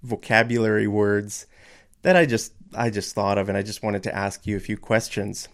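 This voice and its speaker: A man's voice: lowish voice, moderate pace. Chatty North American man teaching English. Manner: chatty, excitable, explains with many fillers and restarts. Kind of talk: casual online lesson. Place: at home.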